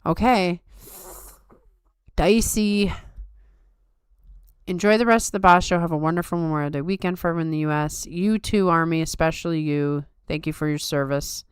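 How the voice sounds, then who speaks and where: A woman's voice: fairly low pitch, moderate pace, long pauses, clear, resonant tone, no echo, clean studio sound. A woman hosting a casual live-stream chat, upbeat and chatty, reading comments aloud, tired late at night. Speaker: podcast host.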